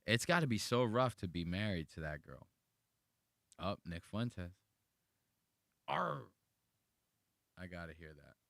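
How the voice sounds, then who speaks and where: A man's voice: sits low, lively intonation, normal speed, a bit bright, dry recording, studio quality. A man from the United States giving casual, rambling reaction commentary to videos, slangy and profane.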